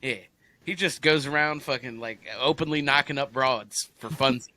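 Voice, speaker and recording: A man co-hosting a podcast, cracking crude jokes and plugging the show in a casual, animated way. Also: medium pitch, normal speed. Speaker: podcast co-host. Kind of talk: casual chat.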